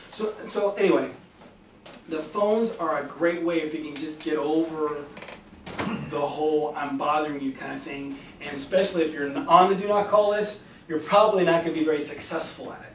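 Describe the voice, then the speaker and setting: A man giving a lively sales seminar talk to an audience, acting out phone calls with enthusiasm. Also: fairly high pitch, moderate pace, slight background noise. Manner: enthusiastic, animated, acts out both sides of calls. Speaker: real estate agent giving a sales talk. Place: meeting room in front of an audience. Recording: echoey room, mic from a distance.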